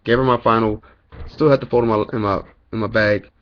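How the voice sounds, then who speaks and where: Young man, lowish voice, profane rambling storyteller, muffled lo-fi webcam sound. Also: fairly even intonation, quick pace. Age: young adult. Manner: profane, rambling, lots of "you know" fillers. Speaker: college student telling his story. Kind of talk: casual storytelling rant. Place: indoors at home, dim room.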